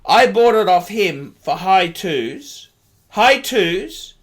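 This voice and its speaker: A man's voice: sits high, sing-song, takes it slowly. A middle-aged man with an Australian accent, ranting in a commentary vlog, sardonic and scornful, repeating his catchphrases. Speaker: watch dealer.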